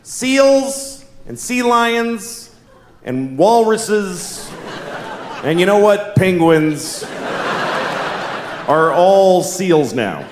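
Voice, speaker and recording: Guy putting on a self-important tv scientist, slow drawn-out announcing, echoey hall. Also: sits high, sing-song, noisy background, heavily acted. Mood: pompous. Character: pompous scientist making a TV announcement. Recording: echoey live venue with crowd ambience.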